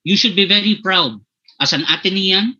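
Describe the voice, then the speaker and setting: A Filipino-accented man gives a leadership lecture over a webinar, his voice slightly high, very bright and a bit husky. He switches between English and Filipino and keeps checking in with his listeners. The computer-mic audio sounds dull and lo-fi. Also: moderate pace. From Philippines, Bicol region. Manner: addresses listeners as "my dear participants". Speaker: guest speaker on leadership.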